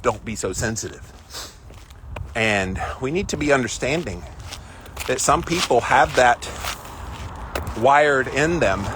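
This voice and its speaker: Medium in pitch, this man runs a casual weekly walk-and-talk live stream outdoors. He reads comments from viewers, shares his opinions chattily, and stretches phrases for emphasis while outdoor noise plays behind him.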